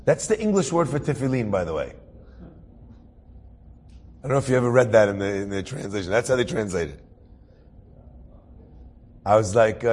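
Husky-voiced man telling a wry story. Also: medium pitch, lively intonation, normal speed, long pauses. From New Jersey area. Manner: humorous, self-mocking asides. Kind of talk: inspirational personal storytelling.

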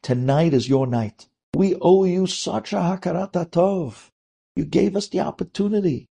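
A man voicing a kind older rabbi who speaks gently but firmly in a dramatic story. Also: sits high, normal speed, vocal fry, husky, voice pushed up, full character voice. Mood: warm insistent. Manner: gentle, insistent. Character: kind older male rabbi, grateful and firm.

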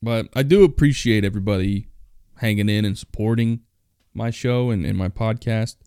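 A man's voice: lowish voice, normal speed, darkish tone, clean tone, no room sound, clean studio sound. A young man hosting a solo podcast, ranting bluntly and with plenty of swearing. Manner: blunt, profane, complaining. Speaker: podcast host.

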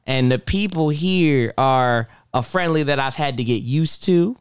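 A young man from Ohio, a podcast guest in casual chat, slangy and animated, his voice jumping up when he acts out other people. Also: measured pace, clean tone, no echo, clean studio sound. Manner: animated storyteller, slangy, voice jumps high when acting out people.

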